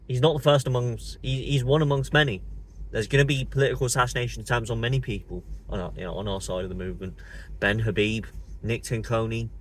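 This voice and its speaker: A man's voice: lowish voice, slight background noise. A British man in his twenties giving a direct-to-camera monologue with fervent, insistent delivery and repetition for emphasis. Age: 20s. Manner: fervent, repeats words and phrases for emphasis. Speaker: political commentator.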